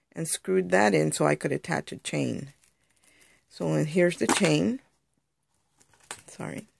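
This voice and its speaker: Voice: mid-range voice, creaky, darkish tone, no echo, clean studio sound. A crafter chatting through a casual show-and-tell tutorial on handmade jewelry, rambling and explaining step by step.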